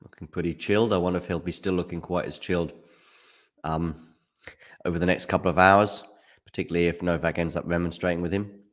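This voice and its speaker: A man hosting a live tennis watchalong talks fast in a low voice, munching chocolate along the way. His chat is casual and musing, dotted with hums and fillers.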